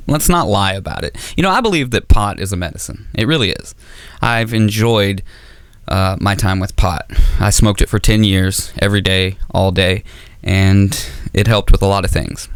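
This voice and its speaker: A man doing a stand-up comedy set on stage, rambling and self-deprecating with dark humor. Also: lowish voice, clear, resonant tone, no room sound.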